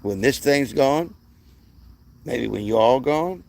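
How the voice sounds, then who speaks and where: Gravelly man ranting, swooping pitch. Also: animated, slow pace, darkish tone. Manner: profane, rambling, frequent restarts. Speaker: channel host. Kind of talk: rambling monologue.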